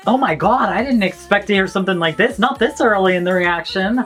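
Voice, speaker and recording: A woman hosting a song reaction video, effusive and bursting into shouts, gasps and bits of singing along. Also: medium pitch, moderate pace. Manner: sings and hums along. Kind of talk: excited song reaction commentary. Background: faint music.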